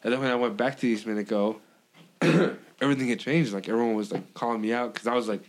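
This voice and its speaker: A man's voice: fairly low pitch, fast. A young man from Idaho, a podcast guest, telling stories in casual, profane chat and acting out the other people's lines. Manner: animated, profane, acts out quoted dialogue.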